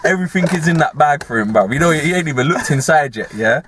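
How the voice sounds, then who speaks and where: A young man with a London accent telling a story in casual, slangy chat, animated and laughing often. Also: a little high, fast talker, noisy background. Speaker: podcast host.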